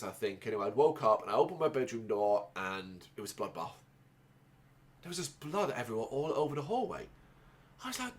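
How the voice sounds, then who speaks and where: Podcast host, male, mid pitch; rambling, emotional storyteller who swears. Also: a bit bright. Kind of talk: personal storytelling monologue.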